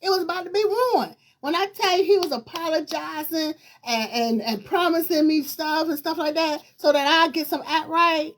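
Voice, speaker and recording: High-voiced woman telling a story. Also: moderate pace, few pauses. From Virginia. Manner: lively, emphatic, laughs while telling. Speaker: talk show host. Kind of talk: storytelling to viewers.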